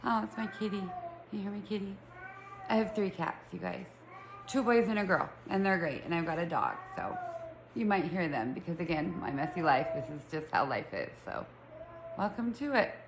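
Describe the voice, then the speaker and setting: A woman's voice: lowish voice, lively intonation, normal speed, gravelly, reverberant, background noise. A middle-aged woman with a Utah accent and a lisp, chatting casually and rambling to her viewers from home. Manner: chatty, rambling, self-teasing. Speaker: vlogger. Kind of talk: casual chat to camera. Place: room at home with pets.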